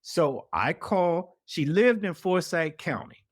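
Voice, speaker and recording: A man's voice: on the high side, animated, slow pace, no echo, studio quality. A middle-aged man, an investigative reporter telling a story in an interview and acting out the people he quotes. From Atlanta, US South.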